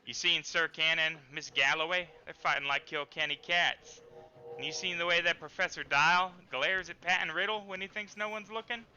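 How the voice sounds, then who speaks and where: A man voicing a tough, hard-drinking woman agent in a tabletop game, with a gruff folksy drawl. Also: fairly high pitch, fairly even intonation, moderate pace, bright, forceful tone, dull audio, faint music behind. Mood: warning.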